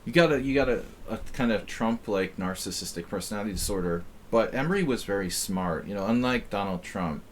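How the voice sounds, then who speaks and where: A middle-aged man hosting a chess stream, chatting casually in a rambling, halting way with lots of fillers and restarts. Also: lowish voice, lively intonation, a little hiss or hum. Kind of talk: casual chat while playing.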